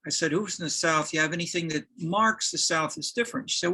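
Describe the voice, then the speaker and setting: Man, university lecturer, gravelly, bright, halting with restarts. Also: on the high side, poor audio. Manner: halting, many restarts and fillers.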